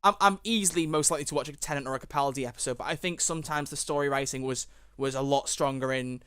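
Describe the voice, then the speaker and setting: A young man, chatting excitedly as a podcast guest and rambling with many restarts. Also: mid-range voice, fast talker, clean tone, no room sound, clean studio sound. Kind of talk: casual chat.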